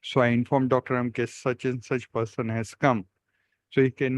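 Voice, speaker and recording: A man co-hosting a video call, telling an anecdote in plain, halting English with fillers. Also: mid-range voice, level tone. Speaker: co-host and storyteller.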